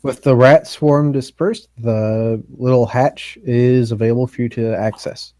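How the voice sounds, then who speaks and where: A man narrating as game master in a tabletop game, describing the scene in a steady, matter-of-fact way. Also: medium pitch, a little slow, dry recording.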